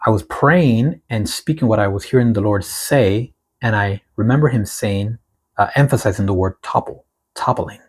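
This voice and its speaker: A man hosting a prophetic word channel, reading a prophecy aloud and commenting on it fervently, swinging from loud exclamations to hushed whispers and stretching out key words. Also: on the low side, breathy edge. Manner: slow, drawn-out emphasis on key words.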